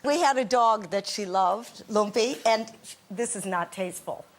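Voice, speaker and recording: A woman guest on a comic panel show, telling funny family stories in an animated, husky voice. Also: mid-range voice, measured pace. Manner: animated storyteller.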